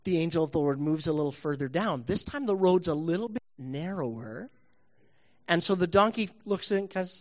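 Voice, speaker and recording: A man, a pastor, telling a Bible story to children in a church service, playful and animated. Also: high voice, measured pace.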